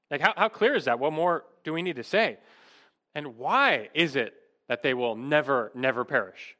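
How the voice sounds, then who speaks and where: A man's voice: fairly high pitch, expressive, moderate pace, pushed and bright. A man preaching an expository sermon, emphatic and full of rhetorical questions. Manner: emphatic, rhetorical questions, rising to stress key words.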